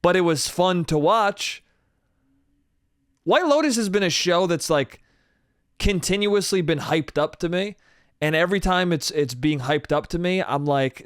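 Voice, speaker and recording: A young man riffing through a solo comedy podcast monologue, loose and rambling, peppered with profanity and "dude." His voice is a touch high for a man, smooth and clean, and it is recorded close and dry with no room echo. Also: normal speed. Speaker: podcast host.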